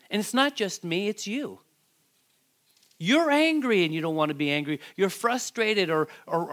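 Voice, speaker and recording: Animated male pastor preaching. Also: fairly high pitch. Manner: animated preaching, calls out to the congregation. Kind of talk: sermon.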